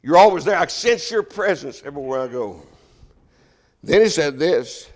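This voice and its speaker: A man's voice: a little high, expressive, normal speed. An older man preaching a sermon as pastor, folksy and joking.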